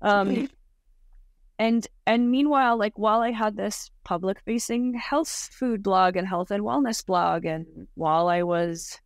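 A woman's voice: medium pitch, unhurried, smooth, dry recording, clean studio sound. Chatty woman guest telling her story. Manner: chatty, many fillers like "like" and "um", laughs often. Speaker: podcast guest. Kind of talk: casual interview storytelling.

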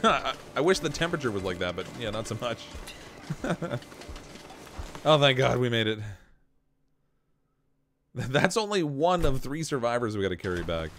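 A man's voice: medium pitch, lively intonation, moderate pace, long pauses, fairly bright tone. A man from Southern Ontario with a light Canadian accent, chatting casually with his live chat as he plays. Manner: chatty, laughs often, jokes with chat. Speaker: gaming streamer.

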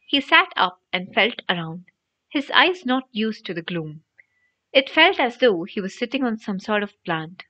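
A woman reading a storybook audiobook aloud in an animated, expressive narration. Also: medium pitch, a little slow. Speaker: audiobook reader. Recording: dry, dull lo-fi audio.

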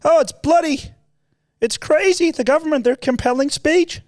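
A man putting on a ranting middle-aged male pundit, high and exaggerated. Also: normal speed, no echo, clean studio sound. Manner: high, loud, exaggerated rant.

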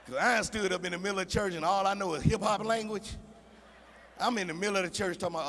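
A man's voice: sits high, fast, vocal fry, pushed and bright. A middle-aged male stand-up comedian, chatting directly with the audience. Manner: conversational, addressing the audience directly.

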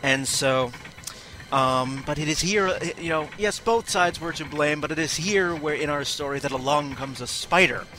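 A man co-hosting a casual podcast panel, telling the history in an animated way and acting out quotes along the way. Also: a little high, normal speed. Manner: animated storytelling with put-on quotes. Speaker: podcast co-host.

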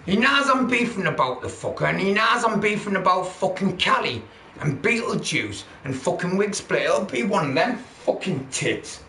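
On a livestream, a man rants angrily, swearing nonstop while mocking and heckling his viewers. His high-pitched voice swings widely in pitch, bright and forceful at a normal speed, with a roomy echo and faint background noise.

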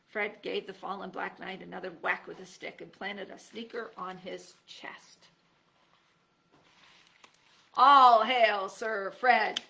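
Reading a children's chapter book aloud, a teacher uses a bright voice with a gravelly edge. She gives every character its own lively voice, and her pitch jumps up whenever the action peaks.

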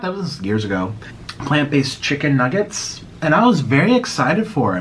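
American man, eating vlog chat, lively swooping voice, theatrical mock outrage, faint background hum. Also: a little high, normal speed. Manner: animated, dramatic mock outrage. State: out of breath. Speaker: YouTuber eating on camera. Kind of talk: casual mukbang vlog chat.

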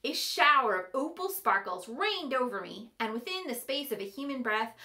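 A woman reading a first-person fantasy novel aloud, with expressive, playful narration. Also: a little high. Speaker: storyteller.

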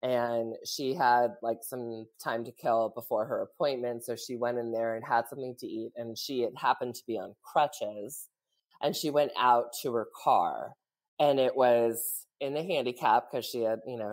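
Woman podcast co-host, very deep voice, chatty storyteller, laughs often. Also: measured pace, darkish tone. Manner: chatty, full of "like" and "you know", laughs often. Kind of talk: casual storytelling chat.

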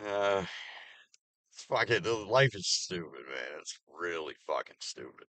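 A man with a fairly low voice vents in a bitter, swearing rant. He lurches from raised outbursts to flat, muttered asides. The sound is close and dry, with no room around it. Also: unhurried, dry recording. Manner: heavily profane, swings between loud outbursts and low mutters. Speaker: vlogger. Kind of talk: angry personal rant to camera.

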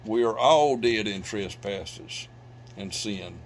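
Middle-aged pastor, low-pitched, preaching with loud swells and hushed drops, faint hum under it. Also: male voice, slow. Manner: preaching with loud bursts of emphasis and sudden drops to quiet. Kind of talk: sermon. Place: church sanctuary.

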